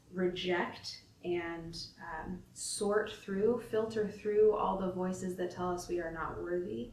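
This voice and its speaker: A woman leading a spoken devotion, slow, gentle and reflective, inviting listeners into a prayerful practice. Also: fairly low pitch, a little hiss or hum. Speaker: devotion leader. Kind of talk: spoken devotion with scripture reading. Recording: roomy, from a distance.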